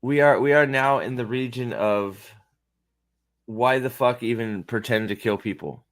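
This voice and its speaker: A man's voice: medium pitch, measured pace. A man hosting a casual reaction commentary, rambling, profane and sarcastic, with frequent restarts. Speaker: host.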